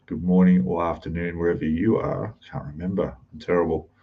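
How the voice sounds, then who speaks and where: A man's voice: low voice, steady tone, a little fast, slightly rough, phone-quality sound. An Australian man hosting a live stream, greeting chat viewers one by one and keeping his voice down in a rented room. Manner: speaking softly, keeping voice down.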